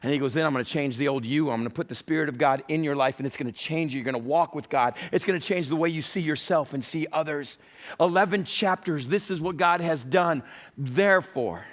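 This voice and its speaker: A man's voice: a little high, fairly quick. A middle-aged male pastor preaching a sermon with emphasis, often voicing God's words as quotes.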